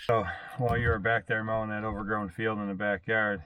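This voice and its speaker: A man's voice: on the low side, level tone, fairly quick, pushed and bright, clean tone, no room sound. A man who works in lawn care telling a story in a casual, folksy way, acting out both sides of a conversation. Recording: distant mic, faint background noise.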